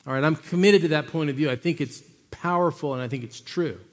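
Animated preacher man in a reverberant hall. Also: on the high side, fast. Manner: animated storytelling, shifting between loud and hushed. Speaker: pastor. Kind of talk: sermon.

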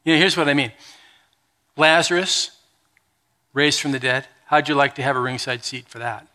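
A middle-aged man preaching a sermon as a pastor, telling the story in an animated, conversational way with touches of humor. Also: medium pitch, normal speed.

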